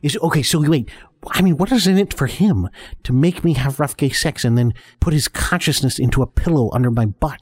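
A man's voice: on the high side, a little fast, darkish tone, husky. Flustered stammering man hosting. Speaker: podcast host. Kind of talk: improvised comedy podcast.

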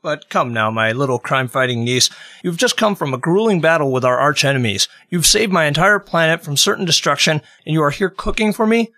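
A man's voice: fairly high pitch, expressive, brisk, sharp tone. A man voicing a genial, formal alien prime minister in an amateur audio drama, talking effusively and like a fond uncle.

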